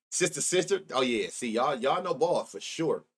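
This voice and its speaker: A man's voice: mid-range voice, animated, unhurried, breathy edge. A middle-aged man hosting a sports betting live stream, chatting loosely and profanely while reminiscing and reacting to his chat. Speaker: sports betting show host.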